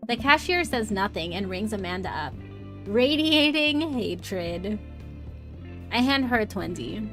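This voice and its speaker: A woman's voice: medium pitch, animated, measured pace, music in the background. A young woman streaming a dating game, reading its text aloud and chatting casually, giggling often and using one voice for every character.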